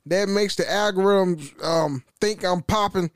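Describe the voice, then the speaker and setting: A man's voice: high-pitched, a little slow, clear, resonant tone, no echo, clean studio sound. A man hosting his own podcast in a casual monologue, loose and profane, often stumbling over his words. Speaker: podcast host.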